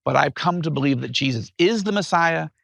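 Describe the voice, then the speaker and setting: A man's voice: fairly high pitch, lively intonation, fairly quick, gravelly, a bit bright, dry recording. A man quoting a plain-spoken dad. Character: middle-aged father, plain and matter-of-fact.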